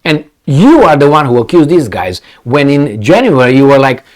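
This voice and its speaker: Male commentator, fired-up rant with a lively, swooping delivery, profane and full of ums. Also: medium pitch, normal speed, few pauses. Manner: animated, heated, profane, many fillers and restarts. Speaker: political commentator. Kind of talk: ranting political commentary.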